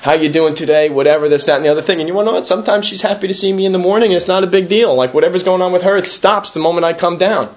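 Speaking very fast with few pauses in a high-sitting voice, a man in recovery from alcohol shares at a meeting. His talk is personal, earnest and self-deprecating, full of repetition and repeated pleas of "right?"

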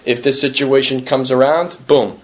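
This recovering alcoholic's share is delivered at a moderate pace in a mid-range voice with fairly even intonation. He sounds earnest and down on himself, speaks conversationally, repeats himself, and often seeks agreement with "right?"

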